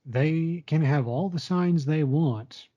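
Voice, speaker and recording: A man's voice: a little high, takes it slowly, warm tone. A man telling a personal story in casual talk, frank and blunt, swearing freely. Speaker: storyteller recounting his retail job. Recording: dull lo-fi recording.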